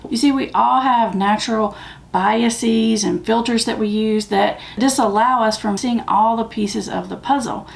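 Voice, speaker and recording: A Southern US woman talks straight to camera as the host of a recovery channel, plain-spoken and emphatic. Her voice sits a touch high and carries a gravelly fry. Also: unhurried. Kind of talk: casual talk to camera.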